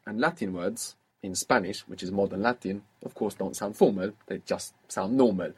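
Brief: male language tutor, slightly husky, very animated intonation, patient prompting style. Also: on the low side. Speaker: language teacher. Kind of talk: spoken language lesson.

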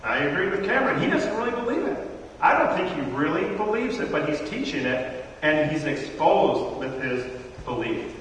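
A man in his thirties gives a lively talk to a crowd, telling stories and playing every voice in them himself. His voice sits a touch high. It rings around a large, echoey hall, picked up from a distance. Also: normal speed, a little hiss or hum. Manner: animated storyteller acting out dialogue. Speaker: speaker teaching a church audience. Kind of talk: lively talk to a live audience.

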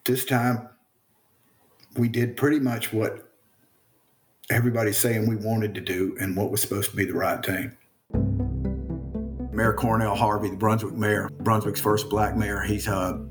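A man with a Southern American accent, a journalist guest answering interview questions in a reflective, halting way that repeats words. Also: lowish voice, level tone, over music.

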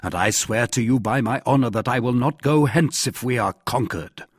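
Man reading a young eager duelist, impassioned, husky. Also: mid-range voice, normal speed, no echo, clean studio sound, lightly acted. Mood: earnest. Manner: earnest and impassioned. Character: hot-headed young man, eager swordsman.

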